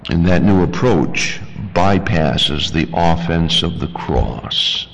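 A man preaching a sermon with emphatic delivery, climbing into high-pitched outbursts. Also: slow, vocal fry, fairly bright tone. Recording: long hall reverb.

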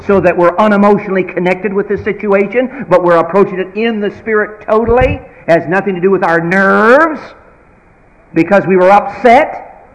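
A folksy preacher delivers a sermon with a fairly high voice. He swings from loud emphatic bursts to quiet, low asides. His voice echoes through a long reverberant hall. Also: moderate pace, highs cut off.

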